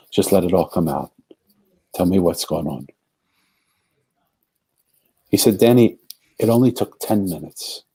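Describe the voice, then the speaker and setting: A man's voice: deep voice, warm tone, breathy edge. A man as a podcast guest, telling a long story in an earnest way and acting out the voices of the people in it. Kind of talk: storytelling in a conversation.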